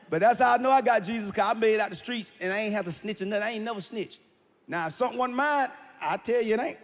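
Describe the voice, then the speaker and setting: A man doing stand-up comedy, loud and animated, often shouting his punchlines. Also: high-pitched, fast talker, slight background noise. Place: large live venue with audience. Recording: reverberant hall, faint ambience.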